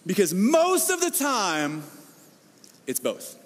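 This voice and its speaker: A middle-aged man preaching a sermon as pastor, animated, acting out the voices he quotes and repeating words as he builds. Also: high-pitched, slow pace. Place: church hall. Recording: long hall reverb.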